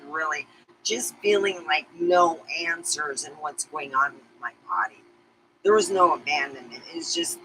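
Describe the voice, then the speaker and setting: A middle-aged woman speaks straight to her viewers in a confessional vlog. Her voice is sharp and very bright. She rambles candidly and emotionally, with casual swearing. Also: low-pitched, a little hiss or hum, low-quality recording. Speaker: vlogger.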